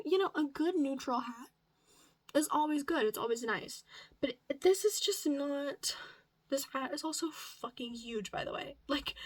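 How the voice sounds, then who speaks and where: A young woman from the Midwest chatting casually in a crochet vlog, gushing, swearing freely, and sometimes dropping into a whisper, her voice cracking. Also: high-pitched. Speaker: crochet vlogger. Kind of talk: casual chat.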